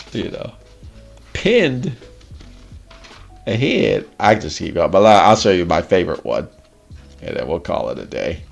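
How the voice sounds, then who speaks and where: A man hosting a casual livestream chat, animated, laughing often and swearing casually. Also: fairly low pitch, gravelly. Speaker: livestream host.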